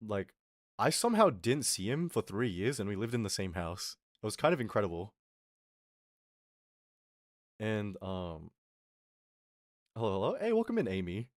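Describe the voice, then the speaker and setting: A young man streams as a vtuber, rambling casually to his chat through a close mic with plenty of fillers, reading messages and acting out quotes as he tells a story. His voice is fairly low and sing-song, at a moderate pace with frequent pauses and no echo.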